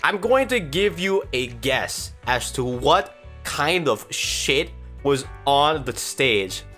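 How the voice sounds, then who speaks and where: A woman's voice: very deep voice, expressive, slow, a bit bright, soft background music. A woman telling a story in a casual vlog, rambling and swearing with exasperated outbursts. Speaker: storytime vlogger.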